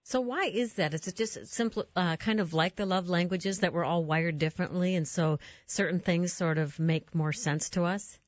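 A woman hosting an interview conversation, engaged and quick to laugh as she asks follow-up questions. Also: on the low side, no echo, muffled recording. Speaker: host.

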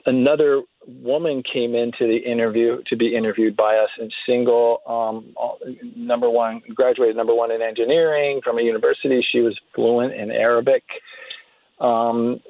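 A man with a gravelly, creaky edge tells a story in a relaxed, halting way, full of fillers and false starts. His voice comes through a narrow, phone-like channel. The sound is dry, with no room around it. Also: medium pitch, dry recording. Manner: halting, many fillers and restarts. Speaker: interview guest telling a story. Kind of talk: casual storytelling.

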